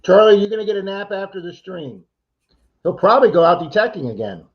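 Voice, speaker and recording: A man's voice: high-pitched, sing-song, fairly quick, dull audio. A man co-hosting a casual livestream, chatty and teasing as he reads out viewer names. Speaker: livestream co-host.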